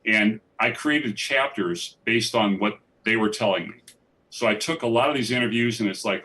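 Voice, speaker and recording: A man's voice: on the low side, moderate pace, bright, forceful tone. A man, a documentary filmmaker, telling stories in a live festival interview with eager, rambling enthusiasm and frequent restarts. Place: theatre stage. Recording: distant mic in a theatre.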